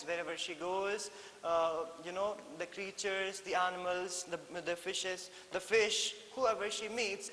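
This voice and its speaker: Animated Indian English teacher, echoey room. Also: male voice, high-pitched. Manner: animated, mixes in Hindi, many fillers and repeats. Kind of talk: classroom lesson explaining a story. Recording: echoey room with faint hiss.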